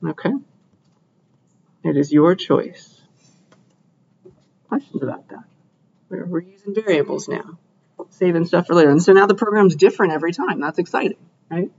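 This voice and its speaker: An upbeat young man teaching a class, with a voice set a little higher than most men's. He keeps checking in with his listeners. The recording is dull and lo-fi, made in a lecture room. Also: moderate pace, creaky, pauses often, darkish tone, slightly rough. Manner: upbeat, asks checking questions often. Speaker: computer science lecturer.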